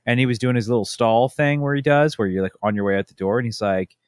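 A man in his thirties co-hosting a casual chat show, telling stories with lively acted-out quotes. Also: medium pitch, fast talker, smooth, no room sound, studio quality. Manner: animated storytelling, acting out his family's lines. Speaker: podcast co-host.

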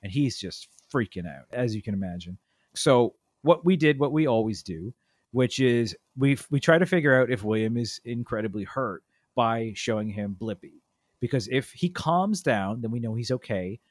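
A man's voice: medium pitch, expressive, normal speed, no room sound, studio quality. A man in his thirties chatting casually on a podcast, telling a story and acting out the quoted lines with big jumps in his voice. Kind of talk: casual chat.

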